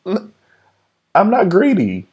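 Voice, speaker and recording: Animated laughing man, lively pitch. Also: slow pace, slightly rough. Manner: animated, laughs often, playfully defensive. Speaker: podcast host. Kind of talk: casual chat.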